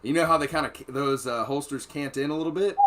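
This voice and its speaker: A man's voice: a little high, fast talker, noisy background. A man and former Marine telling profane, rambling war stories in a casual podcast chat. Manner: profane, rambling, animated storytelling. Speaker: podcast host.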